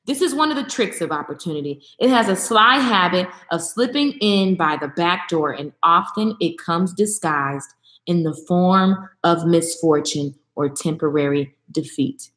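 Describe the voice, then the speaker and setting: A woman's voice: lowish voice, unhurried, a bit bright, reverberant. A woman vlogger giving a passionate, emphatic motivational talk straight to her viewers, repeating phrases for emphasis.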